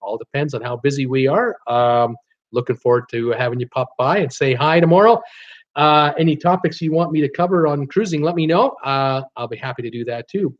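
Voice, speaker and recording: A man hosting a cruise live stream, reading viewer comments aloud in an animated, chatty way with many fillers. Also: mid-range voice, brisk. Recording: dull lo-fi stream audio.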